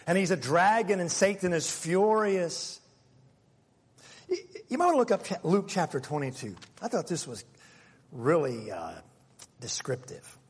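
Male pastor preaching with big swings in pitch, husky tone, long hall reverb. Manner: animated preaching, dropping to hushed asides. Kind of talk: sermon.

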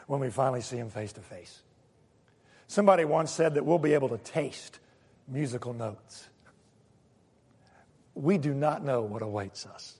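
A man's voice: mid-range voice, a little mellow, slightly rough, in a large hall. A male pastor preaching a sermon, emphatic and fond of rhetorical questions to his congregation.

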